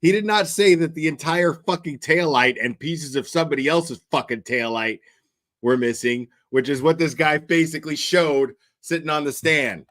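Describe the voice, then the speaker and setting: A man's voice: on the high side, normal speed, fairly bright tone, dry recording. A man hosting a casual reaction commentary, profane and mocking, laughing often. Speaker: host.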